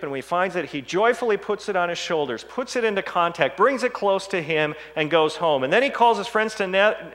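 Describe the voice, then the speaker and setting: A male pastor preaching a sermon, dropping to hushed, low passages and rising to loud, emphatic scripture reading. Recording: long hall reverb.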